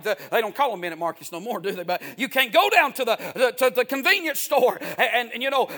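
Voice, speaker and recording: A man's voice: high voice, fast talker, few pauses, fairly bright tone. A male pastor preaching a sermon in a folksy, emphatic way, repeating key phrases.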